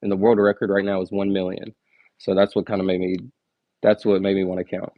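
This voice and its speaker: A young man live streaming, counting numbers quickly and chatting with viewers in a low-key, filler-heavy way. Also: monotone, dry recording, narrow, tinny audio. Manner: rapid, low-key counting broken by chatty asides with many "like"s. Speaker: livestreamer.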